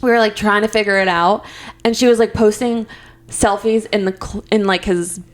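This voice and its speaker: A young woman co-hosting a podcast, telling stories in an excitable, giggly way. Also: mid-range voice, normal speed. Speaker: podcast co-host. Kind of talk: casual chat.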